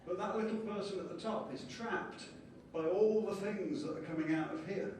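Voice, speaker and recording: A man giving a lively conference lecture and explaining ideas with small acted-out scenes. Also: high voice, normal speed, a little hiss or hum. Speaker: conference speaker. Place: conference hall. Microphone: distant from the mic. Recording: echoey hall from far off, faint ambience.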